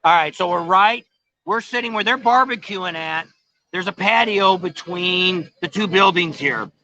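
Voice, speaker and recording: Rambling middle-aged man, bright voice. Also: sits high, unhurried. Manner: rambling, folksy, many fillers. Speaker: vlog host. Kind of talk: casual livestream chat. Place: outdoor patio at a bar. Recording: dull lo-fi phone stream.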